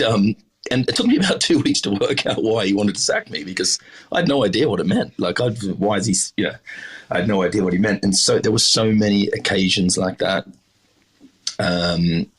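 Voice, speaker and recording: A man's voice: sits low, a bit bright, breathy edge. A middle-aged Australian man, a chef telling stories in a casual interview, rambling with lots of fillers and restarts. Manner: rambling, many fillers and restarts, self-deprecating. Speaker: chef, podcast guest.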